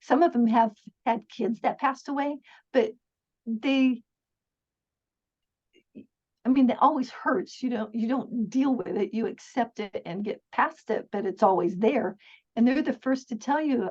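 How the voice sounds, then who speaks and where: A middle-aged podcast guest tells stories in a casual interview, earnest and talkative, with frequent laughter and restarted sentences. She speaks at a measured pace in a darkish voice on the high side. The sound quality is dull and lo-fi.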